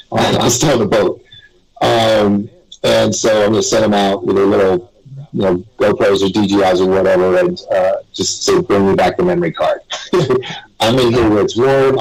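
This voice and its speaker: A man with a low, gravelly voice tells stories as a guest on a live web radio show. His tone is husky and a little rough, and he rambles from one thought to the next with small chuckles. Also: darkish tone, low-quality recording.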